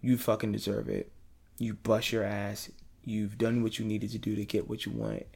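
A man hosting a podcast in casual chat, earnest and swearing freely, getting loud when he's excited. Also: fairly low pitch, moderate pace, creaky, breathy edge. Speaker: podcast host.

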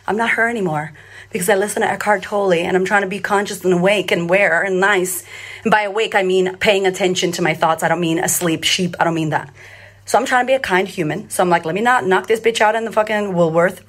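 A woman giving a blunt, profane, emphatic solo monologue as a confidence coach and podcast host, telling stories with lots of energy. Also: mid-range voice. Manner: animated storyteller.

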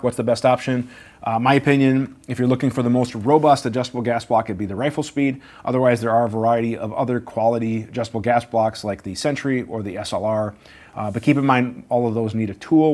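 A man hosting a question-and-answer show, talking in a relaxed, conversational way with frequent fillers and self-corrections. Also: mid-range voice. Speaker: firearms Q&A show host. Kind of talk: casual question-and-answer talk.

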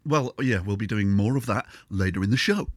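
A British man hosts a casual podcast, teasing his guest with sarcastic quips. His voice sits low and the sound is close and dry. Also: expressive, a little fast, dry recording. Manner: teasing, sarcastic banter with frequent laughs. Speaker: podcast host. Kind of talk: casual chat.

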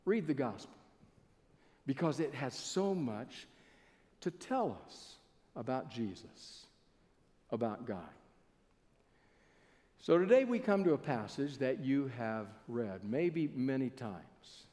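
A man's voice: mid-range voice, very animated, takes it slowly, long pauses, warm tone. A man preaching a sermon as pastor, in a folksy storytelling manner that draws the congregation in, on a stage mic in a church sanctuary. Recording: long church hall reverb.

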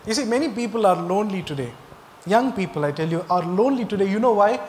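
A man's voice: sits high, lively intonation, fast, darkish tone, a little hiss or hum. Preaching man in a reverberant hall. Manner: rhetorical questions to the congregation, emphatic. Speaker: pastor. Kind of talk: sermon.

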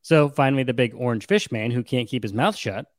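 A young man co-hosting a casual chat, retelling a story with lively, acted-out quotes. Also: mid-range voice, fairly quick, dry recording, clean studio sound. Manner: animated, acts out quotes with shifts in voice. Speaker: podcast co-host recapping a novel.

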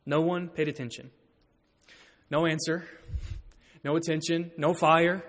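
A man preaching a sermon in a church, animated and growing loud when he quotes. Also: on the high side, a little slow, long pauses. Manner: animated, rising to loud emphasis when quoting. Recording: long hall reverb.

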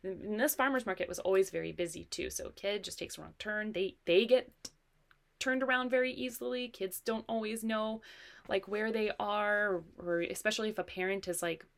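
A woman's voice: mid-range voice, moderate pace, vocal fry. A woman in her thirties, a parent, reflecting and telling a story in casual chat. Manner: reflective, trails off into soft asides.

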